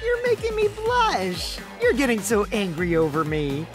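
An actor voicing a mischievous, teasing teenage boy speaking through a robot shell in a video game dub, with a flat synthetic tone. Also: mid-range voice, a little slow. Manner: teasing, smug, playful. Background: game music.

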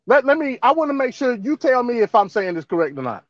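A man's voice: very high-pitched, big pitch swings, fast talker, no echo, dull audio. A male panelist asking a guest to restate his point, hesitating with many fillers.

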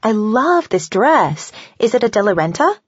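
A woman's voice: on the high side, big pitch swings, fast talker, a little mellow, no room sound, dull audio, pitched above the performer's own voice. A woman narrator voicing an appraising young socialite woman who sounds overly enthusiastic. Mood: gushing.

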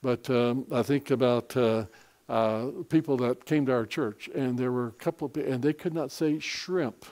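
A man's voice: medium pitch, normal speed, a little mellow. A man preaching a Bible sermon in a folksy, rambling way full of personal asides.

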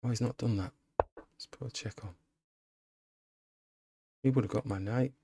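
A man's voice: medium pitch, normal speed, gravelly, background noise. A man commenting casually on his own chess game, muttering frustrated remarks to himself. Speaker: chess streamer.

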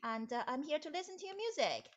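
A woman's voice: high-pitched, big pitch swings, fast, highs cut off, slight background noise. A woman voicing a humble young male woodcutter, speaking earnestly and plainly. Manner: earnest, plain and warmly insistent.

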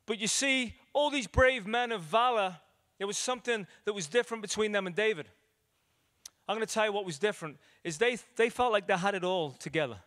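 A male evangelist delivers a sermon in a voice pitched a little higher than most men's. He tells stories and acts out the quotes, swinging between loud declarations and quiet, hushed lines. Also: a little fast. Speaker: evangelist preacher. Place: church hall.

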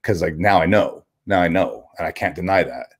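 Deep-voiced man telling a candid story. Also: slightly rough. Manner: halting, with frequent restarts and casual swearing. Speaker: interview guest.

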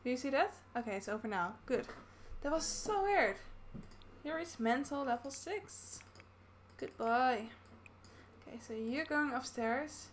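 A woman's voice: high voice, lively intonation, unhurried, slight background noise. A woman from the Netherlands giving casual commentary as she plays a life-sim game, chatting through each action. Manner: chatty, narrating her own game actions. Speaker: gaming YouTuber. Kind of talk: casual Let's Play commentary.

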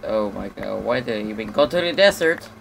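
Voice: medium pitch, lively intonation, brisk, creaky, noisy background. A gamer giving casual, jumpy commentary on his own play, with lots of swearing, panicked yelps and idle humming. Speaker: lets-play host.

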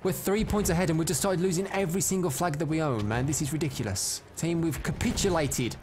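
Excitable man streaming his gameplay. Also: a little high, fast. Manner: excitable, swings into loud frustrated outbursts; chats to viewers and reads out their comments. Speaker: live streamer. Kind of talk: live gameplay commentary.

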